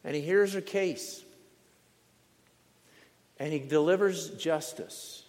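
A male preacher with a fairly high voice delivers his sermon slowly and dramatically, repeating phrases for weight. His words trail off into the long reverb of a large hall. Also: darkish tone. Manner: slow, dramatic storytelling with repetition.

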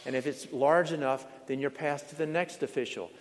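A male preacher telling a sermon story in a slow, dramatic manner, leaning on repetition. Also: fairly high pitch, fairly even intonation. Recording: long reverb in a large hall.

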